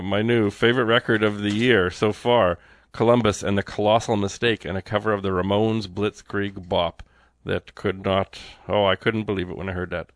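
Excited chatty radio DJ man. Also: fairly low pitch, no echo, clean studio sound. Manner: chatty and enthusiastic, with excited exclamations. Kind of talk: casual on-air song back-announcing.

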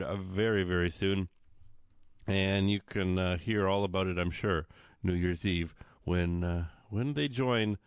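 Low-voiced male radio DJ, jokey patter. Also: dry recording, clean studio sound. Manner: relaxed and jokey, with frequent "uh" fillers. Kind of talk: casual on-air patter. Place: radio studio.

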